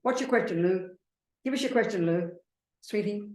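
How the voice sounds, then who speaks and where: A woman's voice: mid-range voice, normal speed, darkish tone. Blunt woman teacher, echoey hall. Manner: blunt, repetitive, calls listeners darling and sweetheart. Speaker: Buddhist nun teacher. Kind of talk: dharma teaching with Q&A. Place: meditation center hall.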